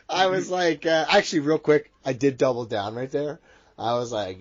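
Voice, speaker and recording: A man co-hosting a wrestling podcast in casual, rambling, profane chat that gets excitable. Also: mid-range voice, moderate pace, lo-fi sound. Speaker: podcast co-host.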